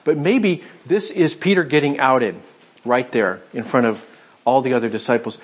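A man preaching a conversational sermon, retelling a scripture story and voicing its speakers in quick asides. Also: medium pitch, slightly rough. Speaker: pastor.

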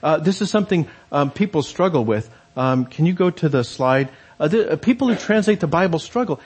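Give me a husky man telling a story in a sermon, in a loose, chatty way. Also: on the high side, animated, brisk, few pauses, a little mellow. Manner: conversational storytelling with fillers and restarts. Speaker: preacher.

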